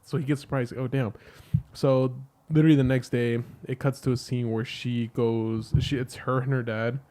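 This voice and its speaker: A man's voice: mid-range voice, flat delivery, normal speed, warm tone. A man casually retelling a film plot on a podcast, rambling with lots of "like" and swearing. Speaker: podcast co-host. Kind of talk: casual movie review chat.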